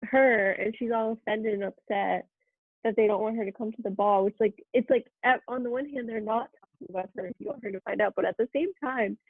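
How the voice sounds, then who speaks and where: A woman's voice: on the high side, fairly even intonation, brisk, slightly rough, no echo. A young woman co-hosting a podcast, rambling wryly through a movie recap with lots of "like". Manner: rambling, lots of 'like', wry. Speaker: podcast co-host. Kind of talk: casual chat recapping a movie. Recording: tinny, phone-like, dry.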